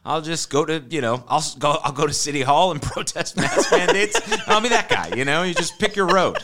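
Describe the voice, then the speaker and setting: A man in casual podcast chat, agreeable and quick to back others up with "yeah" and "exactly.". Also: on the high side, big pitch swings, heavy background noise.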